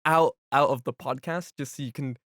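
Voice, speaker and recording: A man co-hosting a podcast in casual chat, telling stories in an animated way full of fillers. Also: mid-range voice, normal speed, dry recording, clean studio sound. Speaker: podcast co-host.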